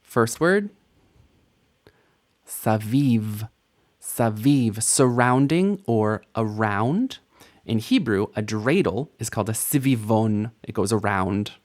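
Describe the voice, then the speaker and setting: A man teaches a recorded Hebrew lesson, patiently sounding out letters and vowels one at a time and joking lightly as he goes. He spells sounds out slowly and repeats words, with a lowish, animated voice.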